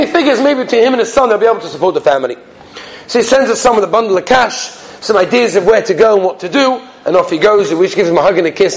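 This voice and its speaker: A man giving a conversational storytelling talk, telling anecdotes in an animated way. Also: fairly high pitch, poor audio.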